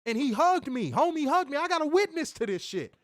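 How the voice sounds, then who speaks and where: High, animated male host, emphatic and profane, dry close sound. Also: brisk, no echo. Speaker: podcast host reviewing wrestling. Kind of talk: casual ranting review.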